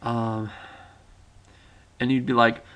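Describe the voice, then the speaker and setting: A man in his twenties telling stories in a casual vlog monologue, rambling and halting as he talks. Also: mid-range voice, little pitch movement, a bit bright. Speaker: vlogger.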